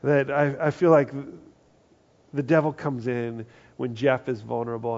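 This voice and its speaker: A man preaching a conversational sermon, acting out quoted voices and often dropping to a hushed tone. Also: mid-range voice, flat delivery, measured pace. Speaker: pastor. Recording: dull lo-fi sound.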